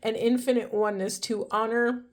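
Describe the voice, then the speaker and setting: A woman's voice: on the high side, steady tone, normal speed. A woman giving an oracle card reading to her viewers, earnest and heartfelt, often stopping to restart her sentences. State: teary-eyed. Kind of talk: spiritual card reading to camera.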